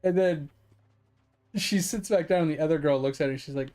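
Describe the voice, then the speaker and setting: Chatty gamer guy, fairly high voice. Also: a little fast, dark tone, soft background music. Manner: rambling, chuckling storyteller who swears freely. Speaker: streamer. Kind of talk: casual chat while gaming.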